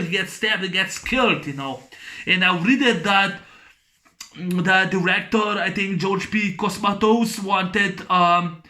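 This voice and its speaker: Man, bright high-pitched voice, excitable rambling fan reviewer. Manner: rambling, excited, many restarts and fillers. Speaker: YouTube film reviewer. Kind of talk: casual movie discussion.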